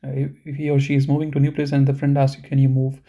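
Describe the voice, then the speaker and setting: A man's voice: medium pitch, completely flat delivery, vocal fry, warm tone. A man teaching a live online language lesson, explaining step by step and often checking in with the learners. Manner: slow, deliberate pronunciation of example words. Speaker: German teacher.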